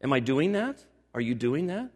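An older man, a pastor, preaching a sermon with animated storytelling that builds to emphatic exhortation. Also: mid-range voice, normal speed, slightly rough, in a large hall.

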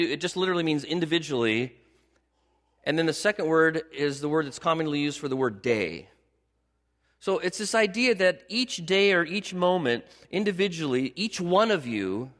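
A man's voice: fairly high pitch, a bit bright. A man preaching a sermon as pastor. He talks conversationally, repeats key words for emphasis, and asks his congregation questions. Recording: long hall reverb.

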